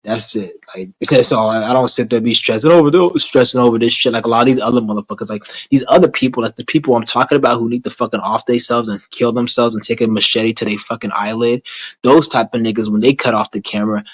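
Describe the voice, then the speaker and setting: A man's voice: mid-range voice, quick pace, low-quality recording. A man ranting to his camera in a blunt, rambling, heavily profane way, repeating himself as he goes. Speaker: vlogger.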